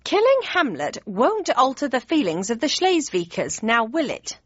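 A woman voicing a kindly, fussy older mother with a high, fluttery manner in an audiobook. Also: huge pitch swings, normal speed, no echo. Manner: high, fluttery, cheerful fussing. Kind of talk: audiobook character voice. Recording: dry, slightly dull studio read.

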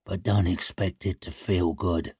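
A man voicing a grey-haired, scarred old warrior who talks gruff and threatening. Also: low-pitched, level tone, a little slow, a little mellow, dry recording, studio quality, voice pushed down, full character voice. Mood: grim.

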